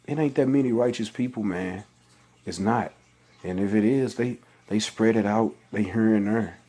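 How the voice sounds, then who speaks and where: A religious vlogger reads scripture aloud and preaches on it in loose, everyday speech, full of restarts and exasperated questions. His voice is on the low side, warm, with a breathy edge.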